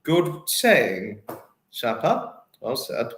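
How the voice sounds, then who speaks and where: A man's voice: medium pitch, sing-song, drawn-out words, fairly bright tone, reverberant. A man hosting a casual livestream, reading chat comments and thanking viewers in an apologetic, effusive, giggly manner. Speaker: livestream host.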